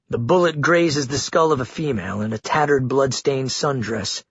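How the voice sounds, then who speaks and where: A man narrates a grim audiobook in a steady, grave voice with a husky, breathy grain. His pitch sits in a middle range for a man. The recording is dry with no room sound and slightly dull, lacking crisp highs. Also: moderate pace, few pauses, no echo.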